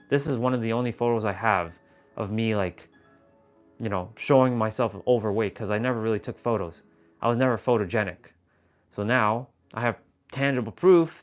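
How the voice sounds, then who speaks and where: Animated, profane man telling a story. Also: lowish voice. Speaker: livestream host. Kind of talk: casual storytelling livestream. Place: room at home.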